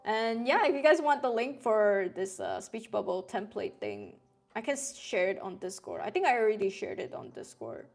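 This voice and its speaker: A woman's voice: mid-range voice, big pitch swings, normal speed, creaky, faint music behind. A woman in her thirties, streaming and chatting casually with her viewers and laughing often. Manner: chatty, laughs often, reads chat aloud. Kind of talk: casual live-stream chat.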